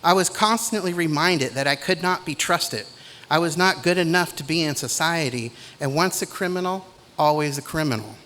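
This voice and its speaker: A middle-aged man giving a commencement speech in a measured, deliberate way, with pauses between phrases. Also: on the high side, sharp tone. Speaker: commencement speaker.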